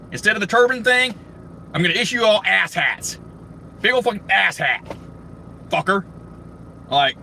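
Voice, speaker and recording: A man hosting a livestream delivers a crude, angry, profane ranting monologue, rambling with lots of fillers and restarts. His voice sits on the high side with a sharp tone, and there's slight background noise.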